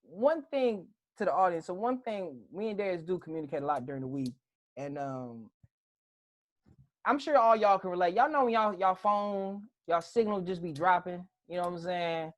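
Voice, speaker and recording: A podcast co-host with a very lively, up-and-down voice, telling stories in loose, slangy chat. The pitch sits in the middle. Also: normal speed. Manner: animated storytelling, slangy. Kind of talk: casual chat.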